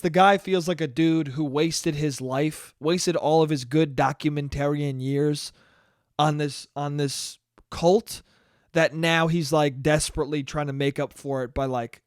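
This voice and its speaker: A man's voice: a little high, fairly even intonation, measured pace, dry recording, studio quality. A young man hosting a solo podcast, ranting casually with exasperation and plenty of profanity. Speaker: podcast host.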